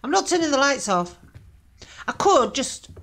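A woman's voice: high voice, sing-song, unhurried, creaky, a bit bright. A woman giving nervous, jumpy commentary while playing a horror game, swearing and laughing at her own frights. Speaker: gaming channel host.

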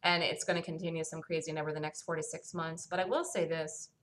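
A woman's voice: deep voice, little pitch movement, fast talker. A woman hosting a stock market review show, talking through the day's trading on her own in an emphatic, self-assured way that circles back to the same points. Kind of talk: solo market review commentary.

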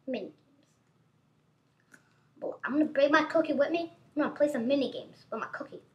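Excitable, high, lively woman gamer. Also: a little fast, muffled recording. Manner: excitable, constantly exclaiming. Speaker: gaming channel host. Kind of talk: live gameplay commentary.

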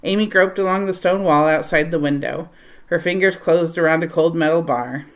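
A woman reading a children's adventure novel aloud in a steady storytelling voice. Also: moderate pace. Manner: steady storytelling, voicing dialogue with raised pitch and volume. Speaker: reader of a novel.

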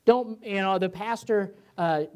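A man's voice: sits high, measured pace, clean tone. Chatty man teaching a church Bible study. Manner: conversational, with many fillers and restarts; animated, voices God and himself in asides. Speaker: pastor.

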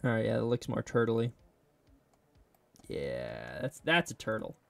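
As he sculpts a 3D model, a man who makes sculpting videos talks to himself, rambling and joking casually. His lowish voice is very animated and a bit slow, with vocal fry and a fairly bright tone. The audio has no echo.

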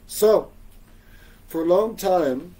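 A man talks through a religious class in a relaxed, conversational way, often checking in with "you know?" and laughing softly at his own jokes. His voice sits a little high but sounds mellow and unforced. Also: extremely slow, rough recording. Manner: gently humorous, laughs often. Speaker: spiritual teacher giving a class.

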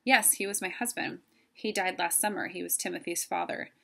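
A woman's voice: on the low side, brisk, vocal fry, pushed and bright, exaggerated voice. A woman voicing an anxious, timid widowed mother mouse who speaks in an earnest, polite way while reading a storybook aloud.

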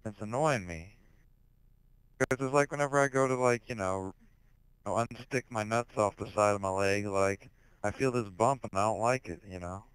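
A teenage boy in casual online voice chat on a headset, rambling crudely with heavy swearing and sudden shouted outbursts. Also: on the low side, moderate pace, clear, resonant tone, no echo, low-quality recording. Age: teens.

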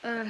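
A woman's voice: on the high side, lo-fi sound. A young woman in her teens chatting casually in a vlog at home, rambling with many fillers and restarts. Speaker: vlogger. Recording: noisy home recording.

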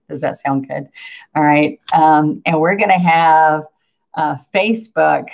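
Hosting a livestream, this painting instructor runs a relaxed live lesson. She's an older woman with a gravelly, low voice, sociable and talkative, who welcomes her viewers and laughs a lot.

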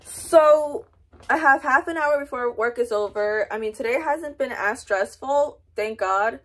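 Young woman vlogger, twenties, blunt and profane, slightly high voice. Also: measured pace, fairly bright tone. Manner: profane, slangy and candid. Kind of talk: casual vlog chat.

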